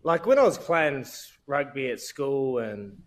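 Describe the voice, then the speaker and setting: A New Zealand man in his thirties, guesting on a podcast, tells candid, self-mocking stories in laddish slang. His medium-pitched voice is sing-song and a little slow.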